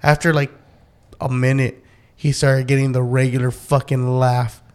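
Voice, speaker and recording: A man's voice: medium pitch, flat delivery, normal speed, darkish tone, smooth. A man hosting a podcast, telling stories full of swearing and laughing as he goes. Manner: profane storytelling, laughs a lot, acts out voices. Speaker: podcast host. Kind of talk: casual podcast chat.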